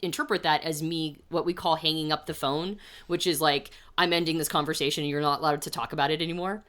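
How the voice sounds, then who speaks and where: A woman's voice: low voice, steady tone, fast talker, a bit bright. A woman co-hosting a podcast interview, chatting in a self-reflective way and thinking aloud. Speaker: podcast co-host. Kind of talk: casual interview talk.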